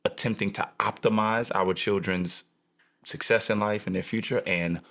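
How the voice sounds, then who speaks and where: Animated, jokey man co-hosting a podcast. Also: lowish voice, moderate pace. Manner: animated, jokey, preacher-like emphasis. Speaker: podcast co-host. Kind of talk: casual chat.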